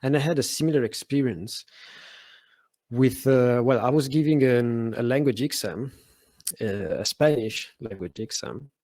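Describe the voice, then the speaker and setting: A man's voice: medium pitch, a little slow, darkish tone, dry recording. Italian-accented man who stutters, dry sound. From Italy. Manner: stutters, with frequent fillers and repeated words. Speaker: podcast guest. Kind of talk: conversational interview.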